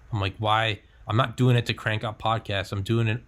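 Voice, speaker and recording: A man's voice: on the low side, fairly even intonation, brisk, hardly any pauses, fairly bright tone. Candid young man hosting a podcast. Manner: candid, swearing, acts out his own inner voice. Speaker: podcast host. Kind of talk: casual podcast chat.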